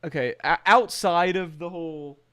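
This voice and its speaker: A male streamer with a slightly high voice reacts live in a casual, rambling way. He swears freely and jokes as he talks things through. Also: moderate pace, a bit bright. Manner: rambling, profane, joking.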